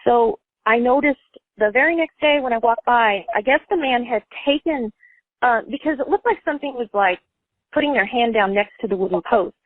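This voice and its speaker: A woman's voice: fairly high pitch, normal speed, dry recording. A woman calls in over a thin, tinny phone line and tells a personal story, wandering from point to point. She leans on "like" and "you know" in nearly every phrase. The sound is dry, with no room around her. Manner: rambling, full of fillers and "like". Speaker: caller.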